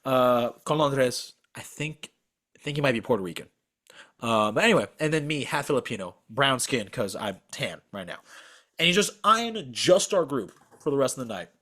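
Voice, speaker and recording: A man's voice: mid-range voice, lively intonation, moderate pace, a bit bright. A young man co-hosting a podcast over a video call, telling a story as a profane, exasperated rant. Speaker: podcast co-host.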